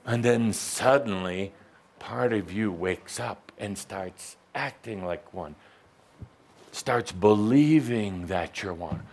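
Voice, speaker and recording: In a fairly low, slightly mellow voice, a man takes his time delivering a playful spiritual talk to a live group. As their teacher, he teases the listeners and acts out small voices with a theatrical flair.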